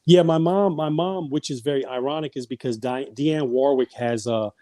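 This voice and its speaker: A man's voice: medium pitch, normal speed, warm tone, no room sound. A man guest on a podcast, telling family stories in a rambling, casual way with many restarts and repeated words. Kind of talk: casual storytelling.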